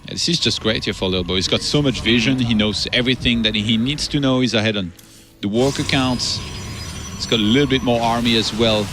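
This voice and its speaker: A man commenting on a live esports match, analytical and steady as he breaks down each player's position. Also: medium pitch, fairly quick, noisy background. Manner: analytical, breaks down the game state.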